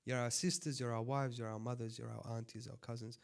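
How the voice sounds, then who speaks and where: A man who is a sheikh giving a conversational sermon, swinging between loud impassioned appeals and quiet asides. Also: mid-range voice, level tone, a little fast, gravelly. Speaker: sheikh giving a religious talk.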